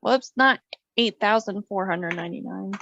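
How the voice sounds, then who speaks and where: A woman's voice: mid-range voice, moderate pace, gravelly, sharp tone, highs cut off. A woman co-hosting a podcast in casual chat, giggly and teasing. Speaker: podcast co-host.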